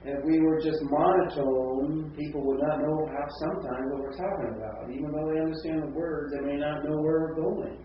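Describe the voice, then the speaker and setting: A man's voice: a little high, steady tone, brisk, hardly any pauses, recorded from a distance, slight background noise. A man teaching a seminary class, talking conversationally and often checking in with "right?" and "see?". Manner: conversational, with frequent tag questions. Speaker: seminary professor. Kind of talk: classroom lecture with discussion. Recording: echoey lo-fi classroom recording from afar.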